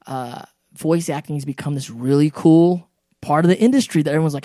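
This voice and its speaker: A man's voice: on the high side, a little fast, no room sound, clean studio sound. A man talking as a voice actor guest in a casual podcast chat, acting out quotes with lots of fillers and restarts. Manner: animated, acts out quotes, many fillers and restarts.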